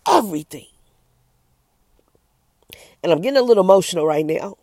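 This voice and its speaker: A woman's voice: mid-range voice, lively intonation, moderate pace, pauses often, warm tone, dry recording, studio quality. A middle-aged woman who is an evangelist, giving an earnest, emphatic personal testimony straight to camera.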